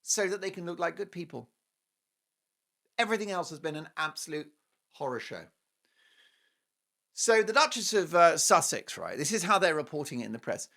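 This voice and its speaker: A man's voice: mid-range voice, animated, a little fast, fairly bright tone. A man hosting a talk show, delivering a scornful, sarcastic monologue with theatrical, punchy lists. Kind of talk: opinionated monologue.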